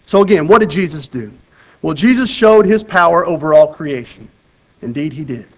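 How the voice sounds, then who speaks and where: A man preaching a sermon in an earnest, conversational way. He repeats and restarts his phrases, and his delivery moves between loud urgency and quiet emphasis. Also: fairly high pitch, animated, moderate pace, rough recording. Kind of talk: sermon with Bible reading.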